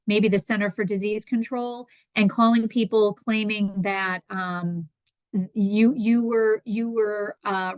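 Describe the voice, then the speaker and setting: A woman's voice: mid-range voice, no echo. A woman giving a conversational public presentation on consumer protection, acting out callers and victims in quoted voices.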